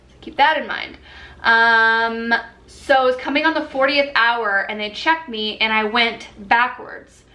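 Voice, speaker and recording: A woman's voice: on the high side, a little slow, pushed and bright. A young woman vlogger telling a personal story in a candid, chatty way, with many fillers. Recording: echoey room.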